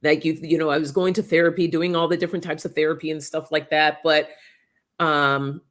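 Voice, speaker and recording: A woman hosting a casual chat, speaking in a warm, affirming way and reading out comments from viewers. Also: low-pitched, flat delivery, brisk. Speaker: host.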